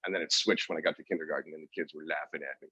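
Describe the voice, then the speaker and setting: A man's voice: very deep voice, steady tone, rapid-fire, bright, forceful tone, slightly rough, dry recording, lo-fi sound. A man from Canada co-hosting a podcast, chatting casually and rambling with self-mocking jokes. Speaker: podcast co-host. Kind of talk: casual chat.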